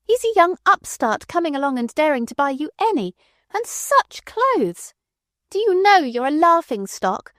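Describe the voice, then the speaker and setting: A woman voicing a furious, shrill young woman who shouts accusations at her aunt, in an audiobook. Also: sing-song, normal speed, no echo, studio quality. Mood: scornful. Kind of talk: audiobook character voice.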